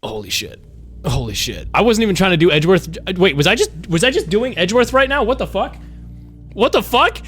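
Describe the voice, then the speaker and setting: A man's voice: sits high, big pitch swings, fairly quick, fairly bright tone, soft background music. A worn-out man live-streaming a game, rambling casually to chat and swearing often. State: exhausted.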